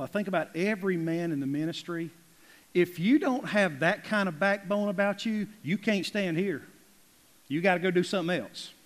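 A man preaching a folksy, emphatic sermon as pastor, rising to loud peaks and dropping to near whispers. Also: a little high, big-room sound. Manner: folksy, emphatic preaching with big swings in loudness. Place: church sanctuary.

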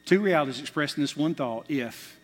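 A male pastor delivers an impassioned sermon in a somewhat high voice. He swings between loud, urgent bursts and quiet, hushed asides. The sound carries a long reverb from the large church hall. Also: animated, brisk. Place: church sanctuary.

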